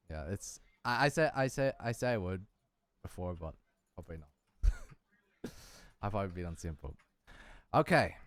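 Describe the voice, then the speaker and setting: Man, casual chat host; lower voice, animated, rambles, swears. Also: dry recording. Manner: rambling, repeats words, swears, laughs often. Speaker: podcast host.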